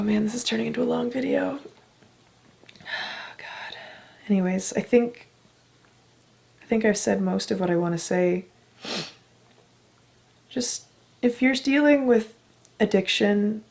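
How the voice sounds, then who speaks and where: A young woman vlogging from Canada, talking slowly with a gravelly edge to her voice. She sounds emotional and close to tears, heartfelt and earnest, and she swears casually as she goes. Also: medium pitch, darkish tone. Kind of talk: candid personal vlog.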